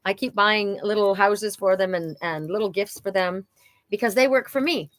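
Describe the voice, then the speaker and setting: A chatty woman reading oracle cards on a livestream, talking in a loose, heartfelt way. She is middle-pitched and laughs easily, and she gets emotional as she goes. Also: normal speed, fairly bright tone, no echo. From Welsh heritage. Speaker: oracle card reader. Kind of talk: casual livestream card reading.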